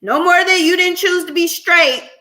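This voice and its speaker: A woman's voice: extremely high pitch, normal speed, bright, forceful tone. A woman hosting a counseling practice's livestream, chatting casually with viewers, laughing often and calling them by name.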